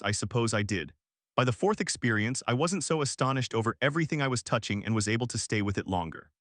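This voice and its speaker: A man's voice: mid-range voice, a bit bright, dry recording, clean studio sound. Man reading a confessional audiobook. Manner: reflective, confessional. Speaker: audiobook narrator. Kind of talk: first-person audiobook narration.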